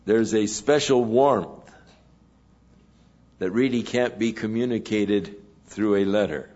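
A man preaching an expository sermon in a measured way, pausing between phrases. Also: lowish voice, darkish tone, muffled recording. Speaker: pastor.

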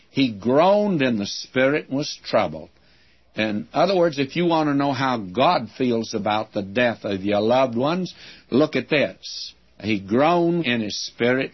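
A man's voice: medium pitch, husky. A man preaching a verse-by-verse radio sermon, folksy and earnest, with frequent asides to his listeners. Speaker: radio Bible teacher. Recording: dull lo-fi old radio recording.

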